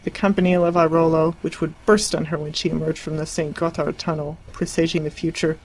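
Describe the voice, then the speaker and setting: Measured audiobook narrator. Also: mid-range voice, a little mellow, rough recording. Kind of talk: scripted narration.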